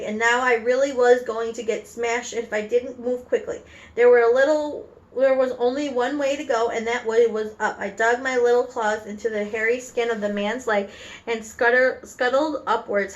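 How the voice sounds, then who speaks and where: Lady reading a kids book out loud, kinda high voice, lively, trips on words now and then. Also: lo-fi sound. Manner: animated storytelling with slips and self-corrections. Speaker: reader. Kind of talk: reading a children's book aloud.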